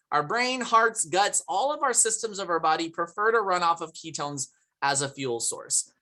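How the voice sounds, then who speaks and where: Her voice sits at a medium pitch with a fairly bright tone. She's running a lively product demo over a video call, using her computer's mic, laughing often and giving shout-outs to chat viewers by name.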